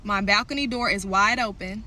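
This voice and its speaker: A woman's voice: medium pitch, normal speed, pushed and bright. A young woman ranting to her viewers, telling an angry story full of swearing and heated asides. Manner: heated, profane, talks straight to viewers.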